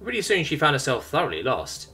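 A man narrating a science fiction story as an audiobook, with wry, expressive storytelling. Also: a little high, quick pace, soft background music.

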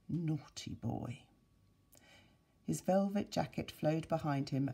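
A woman teacher reading a story aloud to her pupils, expressive and playful with sound effects and asides. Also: sits low, vocal fry, breathy edge. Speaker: primary school teacher.

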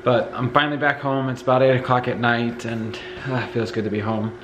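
A man's voice: medium pitch, fairly quick, noisy background. A man with congested lungs and a Northeastern US accent, talking casually in a tired, rambling way while vlogging as he moves around his house. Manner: tired, relaxed and rambling, with fillers. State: congested lungs, occasional coughing. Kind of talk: casual home vlog. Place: house, moving between rooms.

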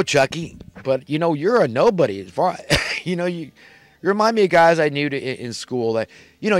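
A man's voice: a little high, dry recording. A man delivering a heated, blunt monologue as a political commentator. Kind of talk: ranting monologue.

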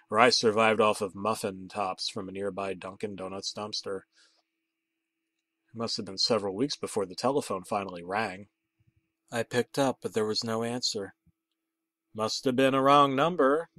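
A man narrating a comedic creepypasta story, deadpan and mock-dramatic. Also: fairly low pitch. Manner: deadpan, mock-dramatic, rising to excited outbursts.

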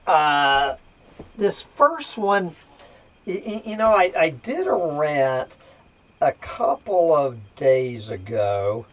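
A man's voice: fairly high pitch, very animated, takes it slowly. A man hosting a casual rant video, drawling and hesitant at first, then swearing in frustrated outbursts at his computer. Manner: drawling, hesitant with many fillers. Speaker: vlog host.

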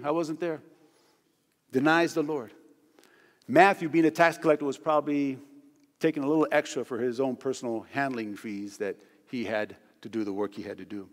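A pastor delivers a sermon with emphatic, repeated phrasing. His voice is slightly high for a man, and it rings through a church hall with a long reverb.

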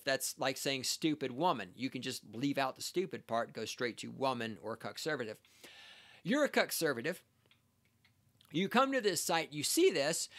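A man's voice: on the high side, fairly bright tone. Sarcastic, heated man ranting on a podcast. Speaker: podcast host. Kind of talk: ranting commentary reacting to a read-out text.

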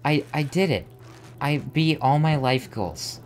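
A young man giving frustrated, self-mocking let's play commentary as a gamer, with excitable outbursts. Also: on the high side, measured pace, a little hiss or hum. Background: faint game music.

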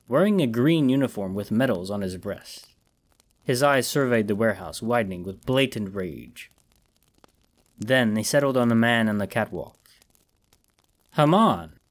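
Man narrating a horror audiobook. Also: medium pitch.

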